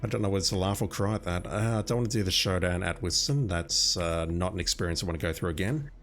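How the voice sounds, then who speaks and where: This Australian streamer has a deep, fairly bright voice and talks fast over soft background music. He chats casually with viewers by name while gaming, talkative and self-deprecating in his commentary.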